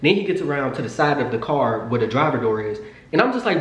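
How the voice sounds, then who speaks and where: Fast-talking young man in an echoey room. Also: a little high. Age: 20s. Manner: animated, profane, talks straight to viewers. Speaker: vlogger. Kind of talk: storytime monologue.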